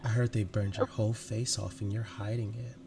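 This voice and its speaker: A man narrating as game master in a tabletop game, in a slow, deliberate way with frequent laughs. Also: on the low side, flat delivery, noisy background.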